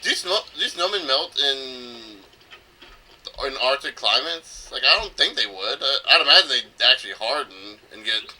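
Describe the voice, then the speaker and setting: Man, from North Carolina, gameplay commentary, rambling, thinks aloud, bright voice, mid pitch. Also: animated, moderate pace, a little hiss or hum, rough recording. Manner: rambling, thinking aloud with filler and self-corrections. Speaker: let's play host.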